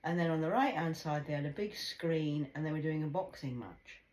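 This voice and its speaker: A middle-aged English woman rambling through a personal story, swearing, dropping into hushed whispers and breaking into loud, high-pitched impressions of people. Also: moderate pace.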